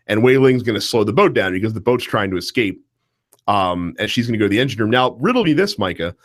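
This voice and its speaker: A man co-hosting a podcast, chatting casually about a film, animated and laughing, full of fillers and restarts. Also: on the low side, fast. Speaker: podcast co-host. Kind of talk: casual movie discussion.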